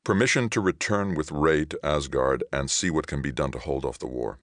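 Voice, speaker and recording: A man reading the part of an earnest middle-aged colonial governor, speaking in a measured way. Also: very deep voice, a bit bright, no room sound, studio quality.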